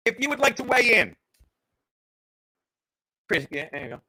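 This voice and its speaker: A man hosting a livestream podcast in a high, bright voice. He rambles and jokes with his viewers, swearing freely as he goes. The talk is loose and casual at a desk mic. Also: big pitch swings, normal speed, husky. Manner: rambling, profane, joking with the chat.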